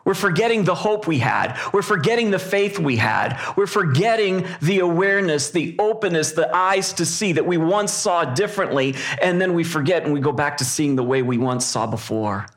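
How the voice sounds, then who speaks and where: A male pastor preaching a sermon in a reflective way, pausing often with fillers. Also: a little high, expressive, a bit bright.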